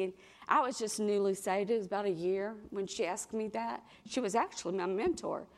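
Middle-aged lady preaching, lively storyteller, acts out the voices in her stories. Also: medium pitch, moderate pace. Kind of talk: sermon.

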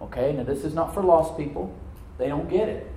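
A male pastor delivers a sermon in a reverberant church sanctuary, his voice sitting a little high for a man. He often repeats and restarts phrases and checks in with the congregation for amens. Faint room ambience sits underneath. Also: a little fast, dark tone, slight background noise. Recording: roomy church echo.

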